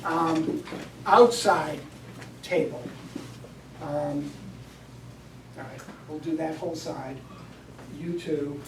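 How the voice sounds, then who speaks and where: A woman's voice: low voice, noisy background. A woman teacher coaching a classroom through steps, giving directions in an instructive way. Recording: echoey classroom from far off.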